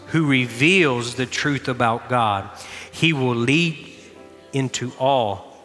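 A middle-aged man pastor preaching a sermon, telling a lively personal story with shouted bursts and then easing into quiet prayer. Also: medium pitch, measured pace. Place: church sanctuary. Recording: long hall reverb with faint music.

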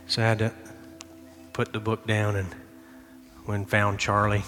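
A middle-aged man pastor preaching a sermon, telling a lively personal story with shouted bursts and then easing into quiet prayer. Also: lowish voice, normal speed. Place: church sanctuary. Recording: long hall reverb with faint music.

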